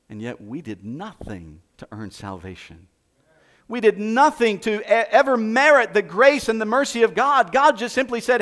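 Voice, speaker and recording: High-voiced American preacher, dramatic swings. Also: male voice. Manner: preaching with dramatic swings between soft and loud. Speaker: pastor. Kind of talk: sermon.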